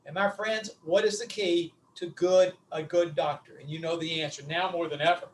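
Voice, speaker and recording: A middle-aged man with a Southern US accent giving a folksy, animated webinar lecture, calling his audience his friends. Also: on the high side, normal speed, recorded from a distance, slight background noise, poor audio. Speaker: webinar speaker on vocal delivery.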